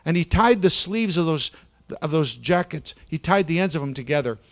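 A slightly high-voiced male preacher, spinning a dramatic tale from the pulpit, his delivery rushing loud and then dropping to a hush. He leans hard into the suspense. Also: expressive. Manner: dramatic, swings from loud to hushed. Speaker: pastor. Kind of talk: dramatic storytelling sermon. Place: church sanctuary.

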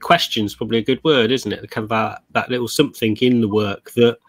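A man's voice: mid-range voice, fairly even intonation, a little fast, no echo. A man co-hosting an interview who searches for his words, hedging and restarting as he asks his question. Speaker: podcast co-host. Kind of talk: casual interview chat.

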